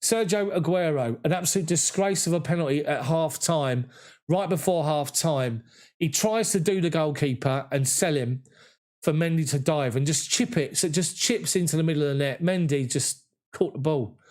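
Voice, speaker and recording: A man's voice: on the high side, moderate pace, a little mellow. A man hosting a football fan live stream, reading viewer comments aloud and thanking them one by one. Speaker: football fan channel host. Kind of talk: live stream chat reading after a match.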